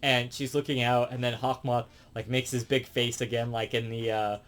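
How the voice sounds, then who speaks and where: Dude rambling thru a cartoon season recap, lots of ums and restarts, casual. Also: male voice, medium pitch, flat delivery, fairly bright tone. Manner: rambling, halting, with many fillers and restarts. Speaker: reviewer.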